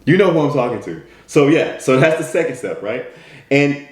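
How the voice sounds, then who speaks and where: A man's voice: medium pitch, animated, moderate pace, darkish tone. A man from the United States giving a direct, repetitive motivational talk as a mentor. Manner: direct, repetitive, keeps asking "right?". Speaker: motivational speaker. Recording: roomy echo.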